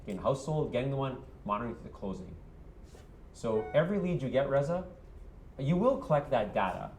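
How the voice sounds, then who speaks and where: A man's voice: fairly low pitch, darkish tone, echoey room, a little hiss or hum. A man coaching a room of real estate agents, punchy and quizzing them with "yes or no?".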